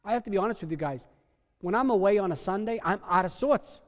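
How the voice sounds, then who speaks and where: A middle-aged male pastor preaching a sermon in a church sanctuary, emphatic, swinging between soft and loud. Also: high-pitched, quick pace, in a large hall.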